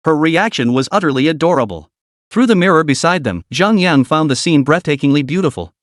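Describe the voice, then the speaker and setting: A man narrating a scripted comic story recap in an even storytelling manner. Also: on the high side, fairly quick, no room sound, studio quality.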